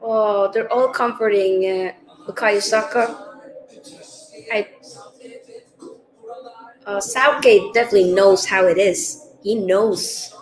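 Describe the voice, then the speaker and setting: A woman's voice: mid-range voice, steady tone, takes it slowly, pauses often, echoey room, rough recording. A woman hosting a live watch-along of a match, emotional and thinking aloud as she talks straight to her viewers. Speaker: host.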